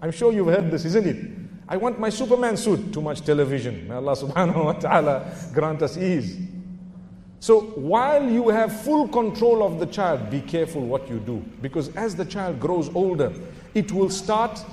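A man's voice: a little high, very animated, normal speed, mellow, a little hiss or hum. A middle-aged man preaching a religious lecture, emphatic, asking his listeners rhetorical questions and dropping in Arabic phrases. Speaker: Islamic preacher. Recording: echoey hall reverb.

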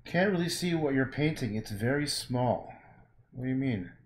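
Man, livestream painter, loose rambling chatter with casual swearing, mid-pitched, in an echoey room with faint background hum. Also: lively intonation, moderate pace. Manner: rambling, swears freely, talks to viewers and himself.

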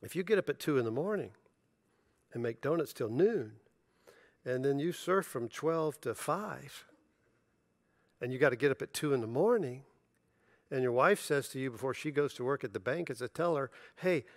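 A man's voice: medium pitch, normal speed, long pauses, no echo. Storytelling pastor, a man with a dry sound. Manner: storytelling, animated, acts out dialogue with laughter. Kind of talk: sermon.

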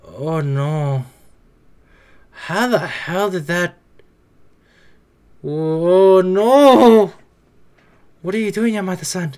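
A man giving casual anime reaction commentary, excitable and swearing as he blurts out his reactions. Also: high-pitched, slow, pauses often. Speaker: anime reaction video creator.

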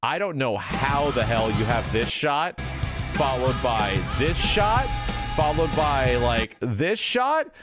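A man's voice: medium pitch, very animated, slow pace, over loud music. A man hosting a casual gaming reaction video, talking loosely and breaking into exasperated, ranting outbursts.

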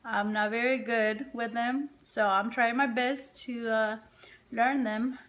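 Tired, chatty woman with a high voice. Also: fairly even intonation, slow pace, a bit bright. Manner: chatty, rambling, talks to viewers and dog. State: tired, sleepy. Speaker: makeup vlogger. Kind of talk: casual live-stream chat. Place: home, indoors. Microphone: phone or webcam.

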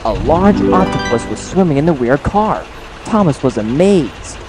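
A man reading a children's train story aloud as the narrator, in a calm, even storytelling manner. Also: a little high, measured pace, over music.

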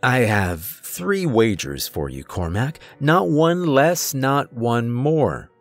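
A man voicing a soft-spoken, sinister older stranger who speaks in a polite, formal way with a quiet mocking edge, in a horror storybook reading. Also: medium pitch, big pitch swings, slow, faint music behind.

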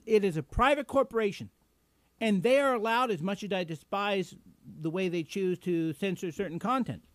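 A man with a notably high voice hosts a live political show, ranting sarcastically. He is combative and indignant and stumbles through fillers. The sound is dry and close to the mic. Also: no room sound. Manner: many fillers and restarts. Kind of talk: political commentary rant.

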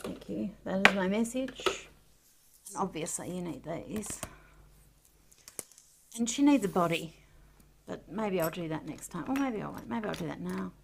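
A woman artist chatting casually to camera as she draws and shows her art supplies, excitable and talking to herself, sometimes dropping to a soft whisper. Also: fairly low pitch, unhurried, vocal fry, long pauses, background noise. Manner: chatty, excitable, talks to herself while drawing. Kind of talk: casual art tutorial chat.

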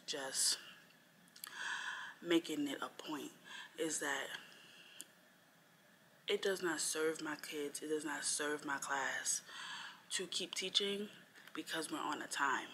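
Young teacher lady vlogging about her week, low bright voice, lots of ums, kinda rambly. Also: unhurried, pauses often, slight background noise. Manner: reflective, rambling with frequent fillers. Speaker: first-year teacher. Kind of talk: casual vlog chat.

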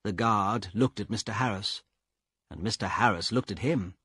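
A man narrating a storybook for learners in a slow, clear, expressive reading. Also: fairly low pitch, no echo, clean studio sound. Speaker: audiobook narrator.

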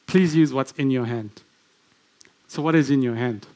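A man's voice: medium pitch, moderate pace, a little mellow. A man preaching a sermon in a church, speaking conversationally and putting many questions to the congregation. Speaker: guest preacher.

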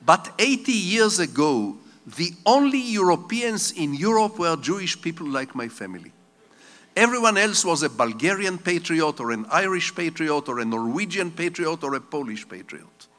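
A man's voice: on the high side, sing-song, moderate pace, fairly bright tone. An older man giving a public lecture as a guest speaker, a digressive storyteller with wry humor. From Israel. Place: stage of a large conference hall. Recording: long reverb of a lecture hall.

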